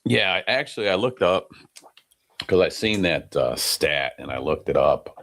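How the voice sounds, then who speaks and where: A man co-hosting a casual sports podcast, blunt and quick to get heated about players. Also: deep voice, lively intonation, a bit bright, slight background noise. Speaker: podcast co-host.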